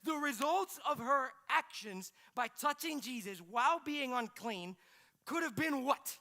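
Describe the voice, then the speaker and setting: A male pastor giving a sermon in a casual, conversational way, questioning and animated. His voice is bright and forward, and it rises and falls in loudness as he tells the story. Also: very high-pitched, unhurried.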